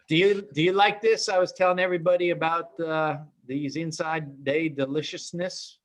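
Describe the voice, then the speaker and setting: A man's voice: fairly high pitch, fairly even intonation, normal speed. A man hosting a live day trading room, chatting in an upbeat, chummy, rambling way. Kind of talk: casual live trading chat.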